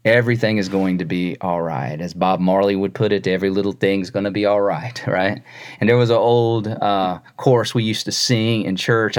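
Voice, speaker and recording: A man's voice: lowish voice, normal speed. A man preaching a sermon. He speaks earnestly, often repeats a word as he starts a phrase, and tells stories with quoted voices.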